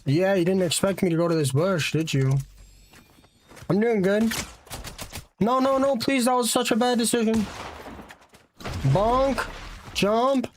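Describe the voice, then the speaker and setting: Young American male streamer, high-pitched, hyped and chatty, slight background noise. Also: measured pace, pauses often. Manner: excitable, chants sound effects while playing. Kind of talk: live game streaming with chat.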